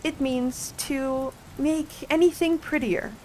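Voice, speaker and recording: A curious, polite young girl from a storybook, voiced by a woman reader. She asks her questions brightly in a slightly high voice, with faint rain behind. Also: steady tone, takes it slowly, slight background noise, rough recording.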